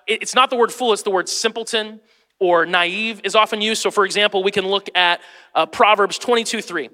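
A man in his forties preaches with a high, bright, ringing voice. He jokes and calls out to his congregation as he teaches. The sound carries a long reverb from a church hall. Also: a little fast. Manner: lively, joking, talks straight to the congregation. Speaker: pastor. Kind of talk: sermon.

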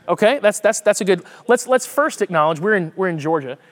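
Lively man preaching. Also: sits high, a little fast. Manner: lively, conversational, repeats words while thinking. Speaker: pastor. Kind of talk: sermon with Bible reading.

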